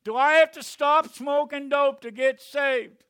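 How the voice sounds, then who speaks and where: A man voicing a stoned, insistent heckler who yells his question up at a speaker. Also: steady tone, measured pace, no room sound, clean studio sound, full character voice. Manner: shouting, high strained yell.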